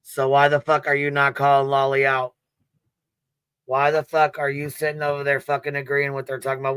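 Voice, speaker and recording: A man sits in as a livestream panel guest, ranting bluntly and swearing freely. His voice stays flat and even but clear and smooth. The sound is dry and close. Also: mid-range voice, brisk, dry recording, faint music behind. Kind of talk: heated casual commentary.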